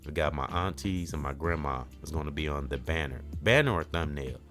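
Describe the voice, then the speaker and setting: A man's voice: very deep voice, fairly quick, a bit bright, faint music behind. A man hosting his own podcast, talking in a rambling, reflective way about gratitude and peace, often saying "you know". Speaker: podcast host. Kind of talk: casual spiritual talk.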